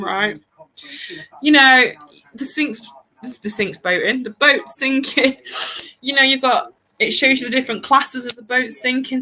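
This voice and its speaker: A woman's voice: high voice, pushed and bright, low-quality recording. A woman in her thirties, hosting a casual talk show and telling a rambling story, laughing often. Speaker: podcast host. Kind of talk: casual chat.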